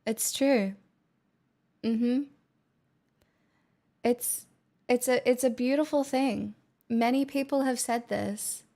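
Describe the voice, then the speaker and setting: A woman's voice: a little high, steady tone, slow, long pauses, warm tone. A woman streamer chatting casually with her viewers, playful, giggly and teasing. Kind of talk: casual chat.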